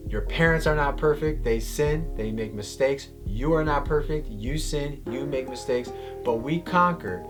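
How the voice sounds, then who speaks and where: A man's voice: mid-range voice, a little slow, few pauses. Young man, youth pastor; casual storytelling devotional, faint background music. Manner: conversational, storytelling, earnest.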